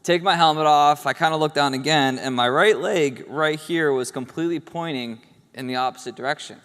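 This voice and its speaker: Wry young man telling a story, smooth voice. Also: on the high side, a little fast, fairly bright tone. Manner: casual, wry, matter-of-fact about drama. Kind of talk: live personal storytelling. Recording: long hall reverb.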